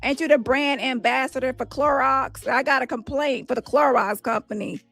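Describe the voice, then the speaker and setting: A woman's voice: sits high, normal speed, vocal fry, fairly bright tone, no room sound, soft background music. A woman hosting a livestream, ranting in a profane, taunting and mocking way at someone she calls out. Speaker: livestream host. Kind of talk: combative livestream rant. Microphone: phone.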